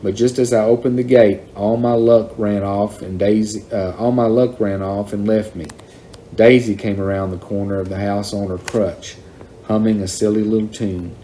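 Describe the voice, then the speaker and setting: A man reading a children's novel aloud in a plain, unhurried storytelling manner. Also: on the low side, little pitch movement, warm tone, slight background noise. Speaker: reader.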